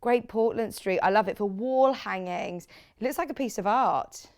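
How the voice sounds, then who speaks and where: A woman's voice: mid-range voice, normal speed. A woman presenting fabrics on live shopping television, chatty and gushing, reading out viewer comments as she talks. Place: TV studio.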